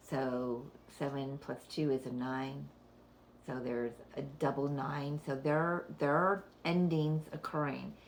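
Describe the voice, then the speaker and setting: Low-voiced woman giving a rambling card reading. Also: gravelly, a little hiss or hum. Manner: rambling, thinks aloud, laughs often. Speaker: oracle card reader. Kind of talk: casual spiritual card reading.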